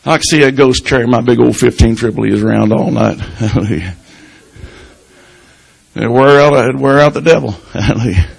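An older man preaching in a gravelly, husky voice. His sermon is folksy and storytelling, scattered with "hallelujah" and "praise God", and he swings between loud bursts and near-whispers. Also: mid-range voice, moderate pace, low-quality recording. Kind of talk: informal country sermon.

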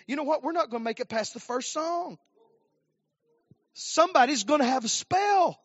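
High-voiced fervent preacher in his fifties. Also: expressive, normal speed, dry recording. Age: 50s. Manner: fervent preaching, swinging from low murmurs to shouted climaxes with "uh" fillers. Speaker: pastor. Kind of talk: sermon. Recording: dry, dull lo-fi recording.

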